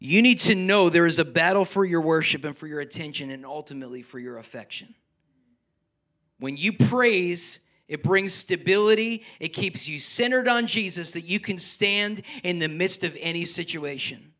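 A middle-aged man preaching a sermon as pastor, animated, climbing to near-shouts and then dropping to soft, quiet asides. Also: fairly high pitch, normal speed.

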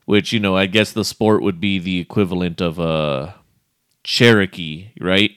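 A man co-hosting a podcast in casual chat, relaxed, laughing often and restarting his sentences. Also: sits low, moderate pace, clear, resonant tone, dry recording, studio quality. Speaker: podcast co-host.

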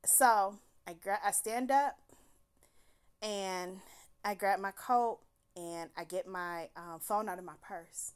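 A woman casually recounting a bad date in an animated, profane way, with laughs breaking into her telling. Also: mid-range voice, a little slow. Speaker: storyteller. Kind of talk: casual storytime monologue.

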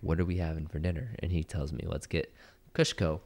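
A young man co-hosting a podcast, telling a story in a casual, animated way and acting out the voices of the people in it. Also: extremely low pitch, a little fast. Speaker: podcast co-host.

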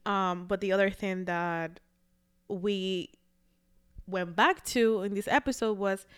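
A woman co-hosting a podcast in casual chat, animated, laughing often and swearing casually. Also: medium pitch, takes it slowly, clean tone. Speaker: podcast co-host.

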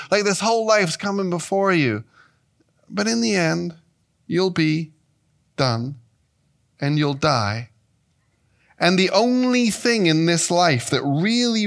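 An English man in his fifties giving a sermon as a guest Bible teacher, animated and playful, his pitch and pace shifting often. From England. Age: 50s.

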